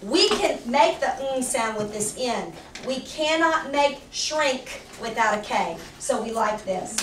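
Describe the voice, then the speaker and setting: A woman teaching a third grade spelling lesson, asking the class question after question and slowing down to explain each rule. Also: fairly high pitch, expressive. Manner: patient, questioning, slows down to explain. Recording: roomy, distant, noisy classroom recording.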